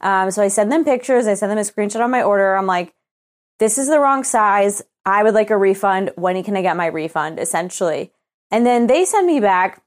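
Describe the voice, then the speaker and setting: A woman's voice: mid-range voice, animated, brisk. A young woman co-hosting a podcast, telling a story as a casual rant, swearing freely and acting out both sides of her email exchanges. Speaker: podcast co-host.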